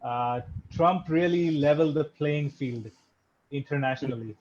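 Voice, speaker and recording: A man's voice: fairly high pitch, moderate pace, lo-fi sound. A young man from India doing a stand-up set online, with dry, self-deprecating jokes and chuckles. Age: young adult. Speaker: stand-up comedian.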